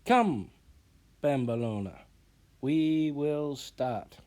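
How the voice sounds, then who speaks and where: A man doing a calm wise old witch. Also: on the high side, slow pace, pitched above the performer's own voice. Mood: instructive. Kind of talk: storybook read-aloud.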